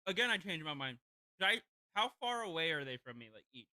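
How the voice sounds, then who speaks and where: Guy playing d and d, really bright sharp voice, eager, keeps changing his mind. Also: fairly high pitch, sing-song, a little fast, dry recording. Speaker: player. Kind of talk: playing a tabletop game.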